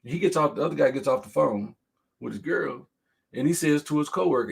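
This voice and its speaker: A man's voice: fairly high pitch, a little fast, vocal fry. Man, middle-aged, live-stream host, casual storytelling, reads comments aloud. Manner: animated storytelling, reads viewer comments aloud, laughs hard. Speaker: talk show host.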